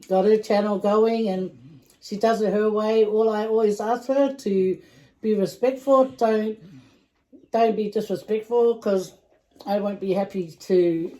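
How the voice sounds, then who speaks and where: Chatty mum vlogging over dinner, soft mellow voice, laughs a lot n trails off. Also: female voice, mid-range voice, rough recording. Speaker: vlog host and mother. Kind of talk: casual chat while eating.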